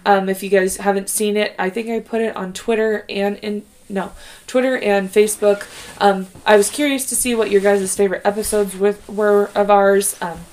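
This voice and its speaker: A woman's voice: medium pitch, level tone, moderate pace, a little mellow. A woman co-hosting a true crime podcast, chatting casually and rambling with many fillers and restarts. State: pregnant. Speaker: podcast co-host. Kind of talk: casual chat.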